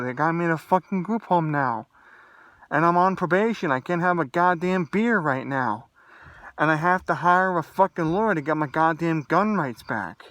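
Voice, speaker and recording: A man's voice: fairly high pitch, normal speed, a bit bright, dry recording. A young man on a vlog, ranting angrily and swearing heavily in a profane, agitated way. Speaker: vlogger. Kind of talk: angry solo rant to camera.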